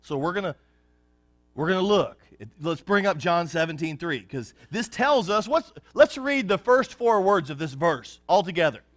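A pastor preaching a sermon, folksy and joking with the congregation, swinging from hushed lows to excited shouts. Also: male voice, normal speed, no room sound.

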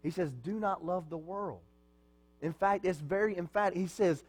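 A man's voice: sits high, normal speed, soft background music. A man preaching a sermon as pastor, in a conversational way, asking his congregation questions and answering them.

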